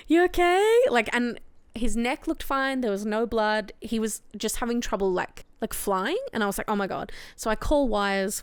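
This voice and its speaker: A woman's voice: medium pitch, clear, resonant tone, dry recording. A young woman, co-hosting a book club podcast and telling a story with lots of laughter and acted-out quotes. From Australia. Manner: animated, laughs often, acts out quotes loudly. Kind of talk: casual chat, storytelling.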